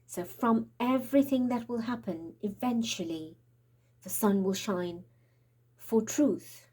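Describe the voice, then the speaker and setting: A woman's voice: on the high side, slow pace, a little mellow, husky. A woman giving a tarot reading in an urgent, prophetic way, out of breath and trembling, sometimes dropping into whispers. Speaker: tarot reader. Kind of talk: spiritual tarot reading monologue.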